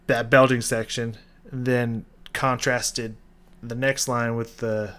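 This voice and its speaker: A man talks through a song reaction in a loose, casual way. He gets excited, swears freely, and fills his sentences with "like" and "just". His voice sits at an average pitch for a man. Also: slow. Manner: enthusiastic, swears casually, many fillers. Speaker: music reaction youtuber. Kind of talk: casual music reaction commentary.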